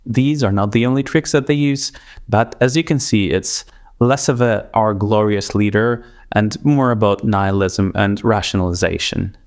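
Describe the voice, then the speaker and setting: A man with a Russian accent, a native Russian speaker, giving scripted commentary narration in a dry, measured, sarcastic way. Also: fairly low pitch. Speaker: commentary video host.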